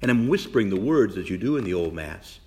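A man's voice: fairly low pitch, fast talker. A middle-aged man, a priest, preaching a sermon with emphatic repetition and direct questions to the congregation. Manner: animated preaching, repeats phrases for emphasis.

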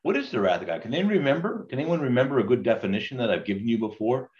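A man's voice: mid-range voice, very animated, rapid-fire, a little mellow. An older man, a priest, leading a Bible study in a conversational way and asking his group questions. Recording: dull lo-fi recording.

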